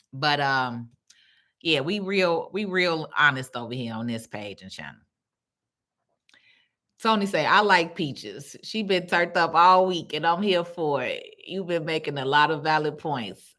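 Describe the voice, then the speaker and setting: A woman's voice: lowish voice, lively intonation, normal speed, pushed and bright. A woman hosting a casual livestream, talking bluntly and with plenty of profanity, laughing often as she reads viewer comments aloud. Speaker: livestream host.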